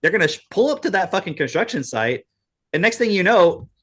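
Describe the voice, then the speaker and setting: A man's voice: high voice, sing-song, a little fast, a bit bright. A man co-hosting a podcast in casual chat, talking in an emphatic, profane rant. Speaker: podcast co-host.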